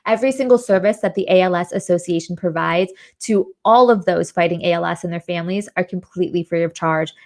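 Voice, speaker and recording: Effusive woman hosting a charity show. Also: medium pitch. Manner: effusive, gushing, laughs often. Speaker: host. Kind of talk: charity livestream interview.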